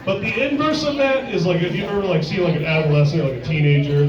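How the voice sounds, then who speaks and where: A man's voice: high-pitched, quick pace. A man doing a stand-up comedy set in a sports bar, crude and rambling, full of filler words. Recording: echoey bar, distant dull mic, crowd.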